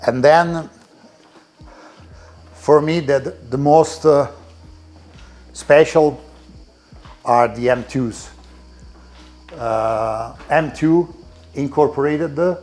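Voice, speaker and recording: A man with an Italian accent, a car collector giving a tour of his garage and talking in halting English with many restarts. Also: a little high, darkish tone, faint music behind. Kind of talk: casual interview while walking a car collection. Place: indoor garage.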